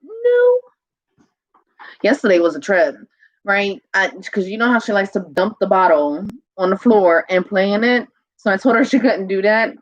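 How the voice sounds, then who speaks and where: A woman telling casual home stories, laughing often and switching into a high sing-song voice for a toddler. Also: moderate pace, no echo, muffled recording. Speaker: vlogger. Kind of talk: casual chat.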